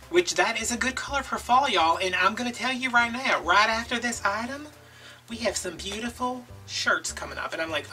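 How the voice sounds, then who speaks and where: A man telling a casual story as a crafting video host, animated and gossipy, acting out other people's voices as he goes. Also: high-pitched, moderate pace. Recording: distant mic with faint background music.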